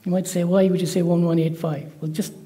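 Speaking fast in a high, level-toned voice, an Irish-accented man delivers a sermon beginning with prayer and a joke. He's warm-hearted, often dropping in amens and words of praise.

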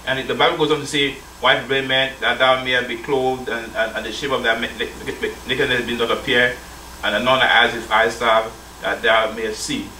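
A man's voice: medium pitch, level tone, moderate pace, hardly any pauses, pushed and bright, a little hiss or hum. A male church elder preaching a sermon, reading scripture aloud and calling his listeners brethren while prompting their answers. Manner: addresses listeners as brethren, asks call-and-response questions. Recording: roomy sound from a distant mic.

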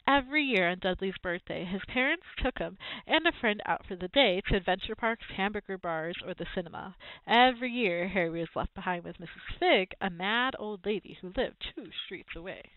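A woman reading a children's novel aloud with expressive storytelling. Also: mid-range voice, normal speed, dry recording, phone-quality sound. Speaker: reader.

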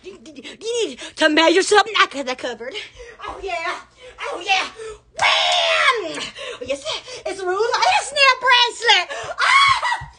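A woman's voice: very high-pitched, expressive, normal speed, crowd noise. A woman showing off her thrift store finds on a live stream, exclaiming and laughing constantly. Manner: exuberant, squealing and laughing, repeated exclamations. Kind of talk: Instagram live replay.

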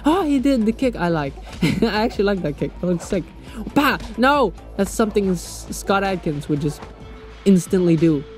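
A young man calling out a mobile fighting game in let's play commentary. He jokes crudely and bursts into loud, excited shouts, his pitch swinging widely. Quiet game music plays underneath. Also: moderate pace. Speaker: gaming YouTuber.

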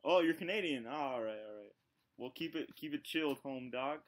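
A man's voice: on the high side, fairly quick. Joking prankster man on video chat. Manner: playful, mock-menacing, joking. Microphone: computer mic on a video chat.

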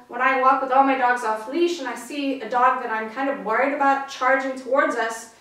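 A woman's voice: high-pitched, a bit bright. A woman dog trainer giving an upbeat, friendly instructional talk. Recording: very echoey, distant mic.

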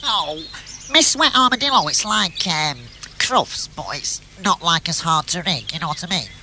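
A man, telling a comedy audio story in an excitable, nasal character voice. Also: fairly high pitch, moderate pace, background noise. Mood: chatty. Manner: nasal, excitable, full of "brilliant". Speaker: comic character narrator.

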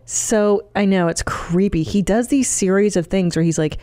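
A woman's voice: medium pitch, normal speed, warm tone. Teasing woman podcast co-host. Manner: teasing, bossy, laughs often. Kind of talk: casual podcast banter.

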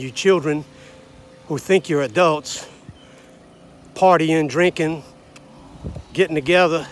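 A man's voice: fairly high pitch, a bit bright, slight background noise. Blunt, combative older man ranting. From United States. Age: 60s to 70s. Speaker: vlogger. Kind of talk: ranting monologue to camera.

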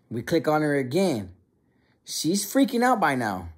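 A young man telling a funny childhood story in an animated, slangy way. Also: a little high, measured pace, breathy edge. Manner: animated, slangy, many restarts. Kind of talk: casual storytelling.

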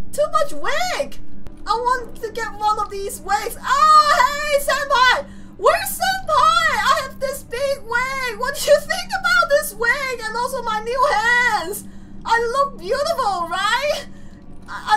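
A woman's voice: very high voice, pushed and bright, distant mic, poor audio. A woman doing playful, giggly let's play commentary over a game. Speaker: gamer.

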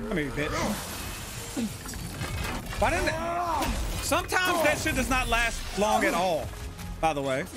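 A man playing a video game, cursing and yelling at the screen in frustrated live commentary. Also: sits high, big pitch swings, a little slow, pauses often, over loud music. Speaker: gaming channel host. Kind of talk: profane live gameplay commentary. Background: loud game soundtrack.

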